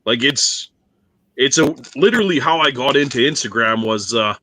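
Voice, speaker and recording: A man's voice: medium pitch, normal speed, pushed and bright, no room sound. A man appearing as a guest in a casual chat, telling stories animatedly and laughing often.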